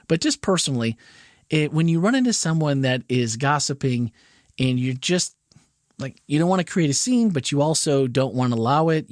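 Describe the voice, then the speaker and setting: A man's voice: a little high, dry recording, studio quality. Thoughtful man hosting a church podcast. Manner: thoughtful, rambling, with many restarts. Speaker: podcast host. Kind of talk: casual church podcast chat.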